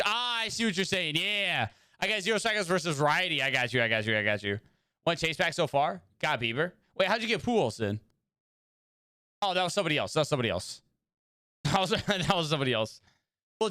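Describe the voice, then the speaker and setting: A man's voice: fairly high pitch, bright, forceful tone, no room sound, studio quality. A young man chatting casually with his viewers while streaming a video game, rambling and greeting them by name. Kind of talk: casual livestream chat while gaming.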